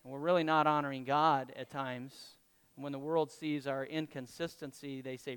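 Preaching to his congregation in a church hall, a male pastor speaks conversationally and throws questions to the room. His fairly high voice is clear, resonant and a bit bright, at a moderate pace, with a long reverb tail.

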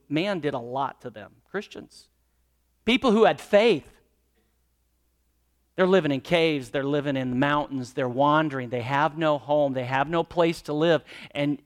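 Man, pastor, emphatic sermon delivery, high-pitched voice, loud bursts and soft asides. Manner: emphatic, rising and dropping between loud exclamations and hushed asides.

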